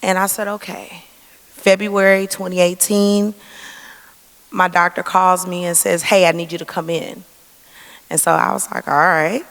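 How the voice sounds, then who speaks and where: A woman's voice: lowish voice, little pitch movement, normal speed, vocal fry. A woman gives an earnest church testimony, acting out the dialogue she quotes. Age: 40s. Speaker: cancer survivor giving testimony. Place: church sanctuary. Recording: long reverb of a church hall.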